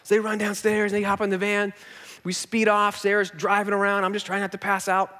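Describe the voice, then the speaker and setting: A man in his thirties, a pastor telling a story in a sermon, self-mocking and animated, acting out what people said. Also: high voice, brisk. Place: large church auditorium. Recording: hall reverb.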